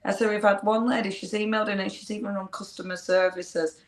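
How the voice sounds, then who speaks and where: Woman, lively and echoey. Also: medium pitch, quick pace. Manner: lively, exclamatory, laughing. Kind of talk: casual chat. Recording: roomy echo.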